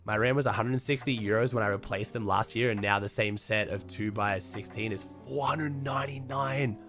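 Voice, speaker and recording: A young Australian man with a thick, raspy, hoarse voice, pitched low for a man, chatting casually to his stream viewers. He swears freely and his sentences trail off quietly. Faint music plays underneath. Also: fairly quick. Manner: loose and profane, trailing off quietly. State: hoarse from a chest infection. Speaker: streamer talking to chat. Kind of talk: casual livestream chat. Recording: faint music playing behind.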